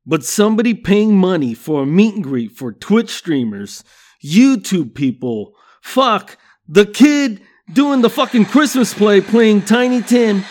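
A man's voice: high-pitched, big pitch swings, unhurried, darkish tone. A man hosting a comedy podcast, ranting with constant swearing and laughing at his own jokes. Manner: swears constantly, laughs at own jokes, "you know what I'm saying". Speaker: podcast host. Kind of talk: profane comedic rant.

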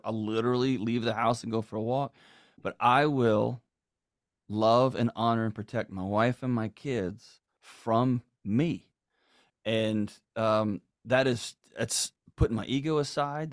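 A man's voice: mid-range voice, measured pace, no echo, clean studio sound. A middle-aged man talking earnestly and with emphasis on a podcast, acting out quoted lines as he goes. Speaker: guest. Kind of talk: conversational podcast talk.

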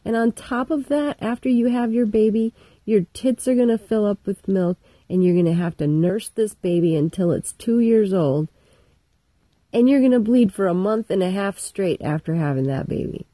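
A woman voicing an angry male God who scolds and curses crudely, loud and ranting. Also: mid-range voice, normal speed, dry recording, lightly acted.

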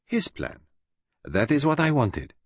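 A man voicing a precise, self-assured older male detective who speaks in a gentle, measured way. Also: medium pitch, big pitch swings, breathy edge, no echo, pitched above the performer's own voice, exaggerated voice. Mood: musing.

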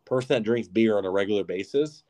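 A man's voice: on the low side, quick pace. A young man co-hosting a podcast, telling a story in casual, profane chat full of "like". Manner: animated, profane storytelling with lots of "like". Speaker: podcast co-host.

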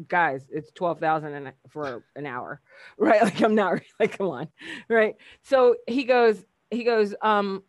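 A woman's voice: mid-range voice, very animated, brisk, no room sound. A woman speaker chatting casually as a guest, telling a story animatedly, acting out the dialogue and laughing often.

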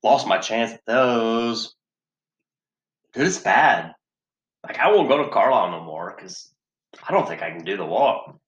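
A man's voice: fairly low pitch, animated, unhurried, pauses often, echoey room, lo-fi sound. A man telling a story in a profane casual chat, swearing heavily, sighing and laughing as he talks.

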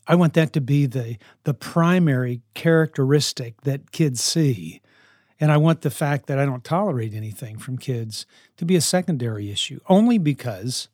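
Earnest man with a fairly high voice. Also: a little mellow, dry recording, studio quality. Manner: earnest, repeats himself for emphasis. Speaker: houseparent to high school kids. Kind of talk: advice talk to parents.

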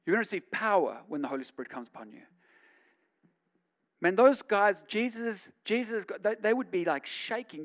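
A man, a pastor, preaching a sermon in a conversational way that swings from quiet asides to loud, emphatic stretches. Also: sits high, animated, moderate pace.

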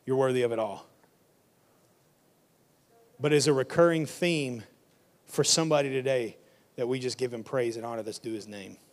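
A male pastor preaching in a conversational way and reading scripture aloud to his congregation. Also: mid-range voice. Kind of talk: sermon.

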